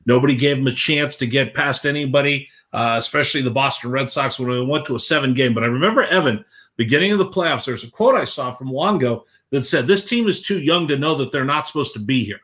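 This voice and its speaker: A man's voice: mid-range voice, quick pace, fairly bright tone. A man, a sports broadcaster co-hosting, telling a story in casual conversational talk.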